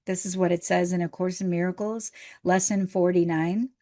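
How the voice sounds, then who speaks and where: Gentle woman minister preaching. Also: lowish voice, steady tone, normal speed. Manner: gentle, encouraging, conversational preaching. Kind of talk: sermon.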